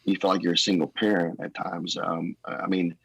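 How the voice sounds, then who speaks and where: A man, a pastor, telling personal stories in a casual, animated podcast conversation and acting out what others said. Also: sits low, fairly quick, gravelly, dry recording, rough recording. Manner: animated storyteller, acts out quotes. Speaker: guest.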